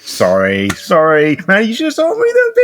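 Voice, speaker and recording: In a tabletop game, a man performs a full character voice for a brash, crude, swearing male vampire baron, pitched above his own natural voice. It's high and fairly bright, with huge pitch swings at a moderate pace.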